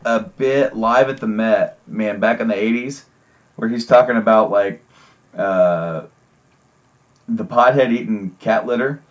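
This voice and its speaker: A man's voice: lowish voice, unhurried. A man co-hosting a podcast, chatting in a laid-back, joking way. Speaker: podcast co-host. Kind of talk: casual podcast chat. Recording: dull lo-fi sound.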